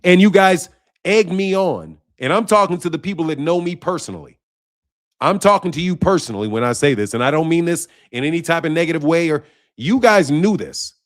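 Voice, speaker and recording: A man with a high-pitched voice hosts a boxing channel and delivers a casual monologue to camera. He talks in an emphatic, repetitive way, swearing often and pressing his points with intensity. The sound is dry and close, with no room echo. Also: expressive, a little fast. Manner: intense and confrontational.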